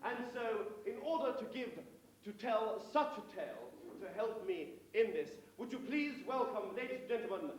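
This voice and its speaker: A man's voice: high-pitched, big pitch swings, moderate pace, a little hiss or hum. A man from England compering an amateur variety show, telling a comic story in mock-pompous stage patter. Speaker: compere telling jokes and singing. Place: amateur theatre stage, live audience. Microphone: far room recording. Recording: echoey distant hall recording.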